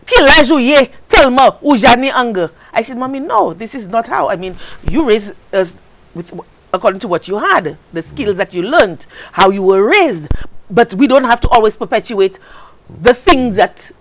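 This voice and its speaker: A woman's voice: mid-range voice, lively intonation, normal speed. A woman with a Saint Lucian accent hosting a talk show, speaking with passion and repeating phrases for emphasis. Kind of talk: impassioned talk show commentary. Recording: noisy recording.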